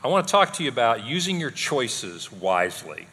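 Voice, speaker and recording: A middle-aged man co-teaching a parenting class at a church, talking in an animated way and acting out what his family says. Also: medium pitch, moderate pace, husky. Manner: animated, acts out quotes of his kids and wife. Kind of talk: conversational teaching talk. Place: church hall. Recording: long hall reverb.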